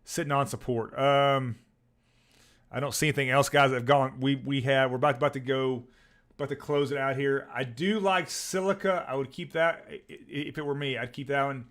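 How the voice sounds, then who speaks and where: A man's voice: mid-range voice, steady tone, moderate pace, a bit bright. A man hosting a live stock trading stream, chatting loosely and repeating words as he goes, with his voice starting to give out. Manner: rambling, repeats words, upbeat sign-off. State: losing his voice. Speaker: livestream stock trading host.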